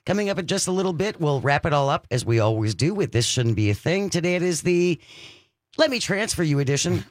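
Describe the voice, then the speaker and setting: A man hosting a call-in radio show, chatting casually and slowing down to read out the phone number. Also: on the high side, big pitch swings, dry recording, clean studio sound. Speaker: radio talk show host.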